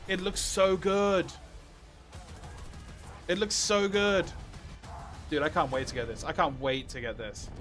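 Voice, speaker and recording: A man reacting excitedly on a live stream, exclaiming and reading viewer questions. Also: fairly high pitch, a little slow, long pauses, faint music behind.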